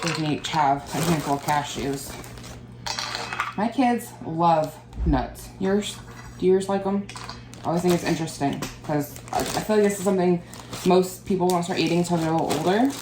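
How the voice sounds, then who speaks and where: A woman's voice: fairly low pitch, moderate pace, background noise. A woman in her thirties chatting casually to the camera in a vlog, rambling and laughing often. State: out of breath. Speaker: vlogger.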